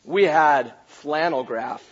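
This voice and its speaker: A pastor preaching a sermon, animated and playful, raising his voice to a shout for emphasis. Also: a little high, slow pace, breathy edge. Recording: dull lo-fi recording.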